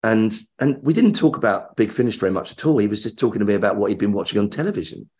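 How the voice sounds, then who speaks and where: Speaking quickly in a lowish voice, this middle-aged English actor tells an interview anecdote, animatedly acting out each voice he quotes.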